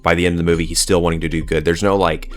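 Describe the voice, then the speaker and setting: A man with a very low, deep voice delivers a scornful film review, swearing freely and cutting down what he dislikes. Soft music plays faintly behind him. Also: level tone, very fast. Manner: blunt, profane and scornful. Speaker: movie reviewer.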